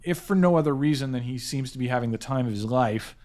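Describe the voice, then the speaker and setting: A man's voice: mid-range voice, quick pace, darkish tone. A man hosting a casual pop-culture podcast, talking enthusiastically with lots of restarts and self-corrections. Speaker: podcast host, editor-in-chief.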